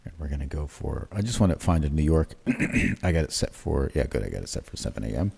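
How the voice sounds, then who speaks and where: Man, very low gravelly voice, husky and dark, talks charts live, fillers and right-tags. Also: fast talker. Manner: thinks aloud, many fillers and "right?" tags; relaxed, self-correcting commentary while drawing on charts. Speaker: crypto trading livestream host.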